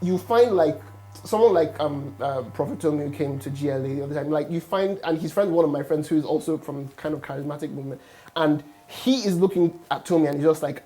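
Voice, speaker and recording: Fast, mellow-voiced man thinking aloud. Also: a little high, soft background music. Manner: reflective, thinks aloud with many "like" fillers. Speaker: pastor's child on a panel. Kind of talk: candid panel discussion.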